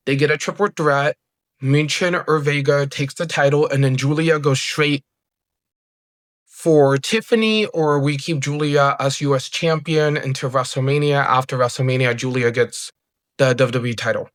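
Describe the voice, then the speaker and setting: A man giving an excited, rambling wrestling review, full of "like" and restarts. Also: mid-range voice, moderate pace. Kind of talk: casual show review.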